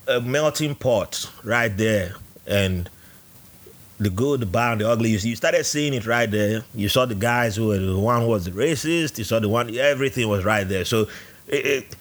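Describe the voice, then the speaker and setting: A man from Nigeria in his thirties, speaking. He tells his stories in an animated way and acts out the other people's voices. His voice sits at a medium pitch. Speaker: podcast guest. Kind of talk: casual interview storytelling.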